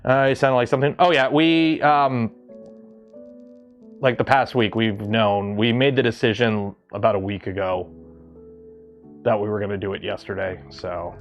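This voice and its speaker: A man's voice: on the low side, steady tone, moderate pace, long pauses, muffled recording, faint music behind. A man from Canada hosting a livestream, talking casually and rambling with lots of ums and restarts. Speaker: livestream host.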